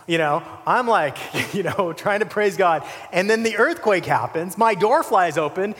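A man preaching a sermon as pastor, animated and conversational, full of asides and "you know.". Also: sits high, a little slow, big-room sound.

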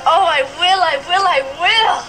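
A woman's voice: extremely high pitch, unhurried, low-quality recording. An actress playing a gushing, lovestruck teenage girl in a TV sitcom, eager and breathless. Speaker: TV sitcom character. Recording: TV clip with loud music.

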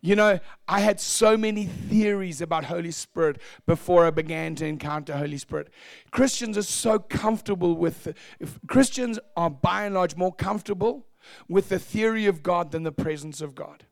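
Male pastor, high voice, animated storyteller who acts out the scenes, dry close sound. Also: normal speed, creaky, no echo. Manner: animated storytelling, acting out shouts and laughter. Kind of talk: testimony sermon.

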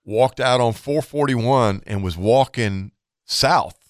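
A man's voice: medium pitch, slow, no room sound, clean studio sound. A middle-aged man, telling a hunting story in casual chat and acting out the sounds. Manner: animated storytelling, acts out quotes and sounds.

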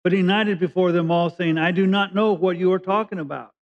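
A man's voice: high-pitched, fairly even intonation, fast talker. A man from California preaching a sermon, reading scripture and explaining it in a conversational way with frequent restarts. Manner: conversational preaching, restarts, rising emphasis on key words. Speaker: pastor. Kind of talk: sermon, Bible teaching. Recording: dull lo-fi recording.

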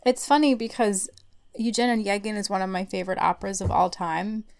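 A woman co-hosting a podcast in casual chat, self-deprecating and quick to laugh. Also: mid-range voice, gravelly, a little mellow. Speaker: podcast co-host.

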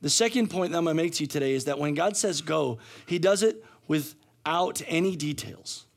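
High-voiced man preaching, soft then shouting. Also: lively intonation, moderate pace, vocal fry. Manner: swings from soft and low to loud shouting; preaching with many repetitions and restarts. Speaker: pastor. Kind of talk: sermon.

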